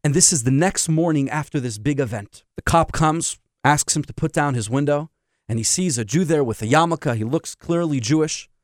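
A man's voice: fairly high pitch, normal speed, no echo, clean studio sound. A man, a rabbi, giving a sermon full of stories and emphatic rhetorical questions. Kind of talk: sermon with storytelling.

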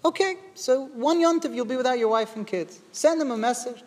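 A man's voice: extremely high pitch, fairly quick, big-room sound, pitched above the performer's own voice. A man voicing a playful old Hasidic rebbe. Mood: coaxing. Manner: coaxing, bargaining. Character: revered elderly Hasidic rebbe, playful and wise.

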